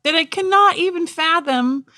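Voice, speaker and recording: A woman co-hosting a casual faith podcast over a computer call, animated and quick to laugh. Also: very high-pitched, no echo, clean studio sound. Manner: animated, laughs often, exclaims in surprise. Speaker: podcast co-host. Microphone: recorded over a computer call.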